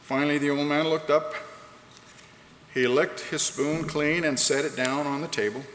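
A man's voice: fairly high pitch, steady tone, normal speed, a bit bright. A man preaching a sermon in a large hall, earnest and rhetorical, reading quotes aloud. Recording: echoey hall, faint background noise.

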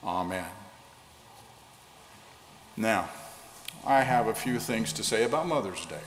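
A man preaching a sermon and leading prayer, slowing down to stress key phrases. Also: medium pitch, very animated, slight background noise. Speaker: pastor. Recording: echoey hall with long reverb.

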